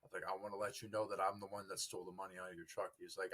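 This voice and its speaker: A young man, a podcast guest, telling his recovery story in an earnest, halting way. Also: low-pitched, little pitch movement, fairly bright tone. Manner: earnest, halting, quotes family dialogue.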